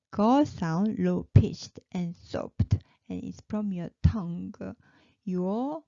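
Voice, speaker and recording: A woman teaching a pronunciation lesson, patiently repeating each sound slowly. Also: mid-range voice, dark tone, no echo, dull audio. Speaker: language teacher.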